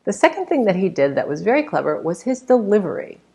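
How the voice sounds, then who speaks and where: Woman, speech coach, gravelly voice, lively pitch, emphatic critique. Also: fast talker. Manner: explanatory, emphatic, gestures with voice to demonstrate. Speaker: public speaking coach.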